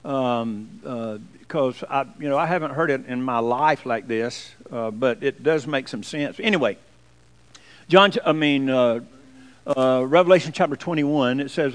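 A man's voice: mid-range voice, unhurried, clean tone, low-quality recording. A man, a pastor giving a folksy, joking sermon to his congregation in church. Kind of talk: sermon with jokes.

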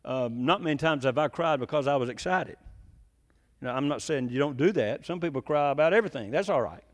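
A man preaching a sermon to a congregation, animated, leaping up in pitch when he voices the people he quotes. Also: a little fast. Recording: long reverb of a large hall.

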